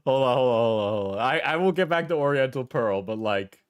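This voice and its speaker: A man's voice: mid-range voice, expressive, a little fast, clear, resonant tone, dry recording, clean studio sound. A young man streaming a reaction video, laughing often, swearing and repeating himself as he gives blunt opinions. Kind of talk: casual reaction commentary.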